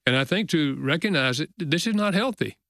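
A man's voice: a little high, lively intonation, a bit bright, dry recording. Older man, earnest guest storyteller, dry close mic. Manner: earnest, slows down for emotional moments. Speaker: author and guest. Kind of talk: storytelling in a podcast interview.

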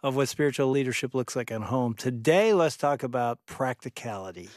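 A man's voice: medium pitch, lively intonation, a little fast, dry recording, studio quality. A middle-aged man hosting a faith podcast as a pastor, affirming and conversational.

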